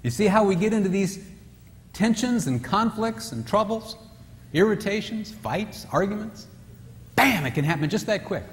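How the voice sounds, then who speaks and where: Pitched high and animated, a man speaks at a moderate pace while giving a humorous talk on marriage at a retreat. Joking, he acts out husbands and wives in raised voices, heard from a distance in a reverberant hall with faint ambience.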